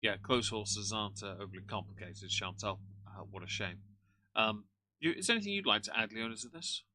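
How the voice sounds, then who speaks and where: A man's voice: fairly low pitch, expressive, a little fast, pushed and bright. A man hosting a livestream, giving dry, snarky commentary on a clip. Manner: dry, snarky, dismissive asides.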